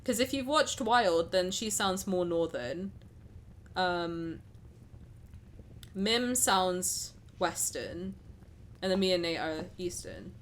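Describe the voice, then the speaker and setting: A woman's voice: on the low side, slow pace, pauses often, a little hiss or hum. A young woman with a South London accent, chatting casually on a live stream and reading a game story aloud. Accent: South London English. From England. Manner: chatty, animated, giggly.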